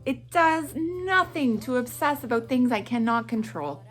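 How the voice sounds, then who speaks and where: A middle-aged woman from Atlantic Canada chatting through a morning vlog in an animated way. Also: high voice, unhurried. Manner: animated and chatty, with frequent laughs and self-talk asides. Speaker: vlogger.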